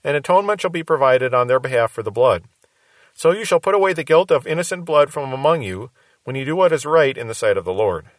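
A man's voice: medium pitch, animated, quick pace, no echo. A man giving a radio Bible teaching in an earnest, reasoning way, posing rhetorical questions to his listeners.

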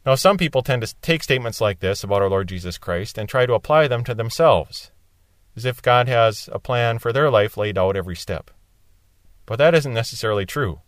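A man's voice: on the low side, no room sound, studio quality. A man teaching a Bible passage verse by verse, explaining it plainly and lifting his voice to stress quoted lines. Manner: explanatory, rising in emphasis on quoted cries.

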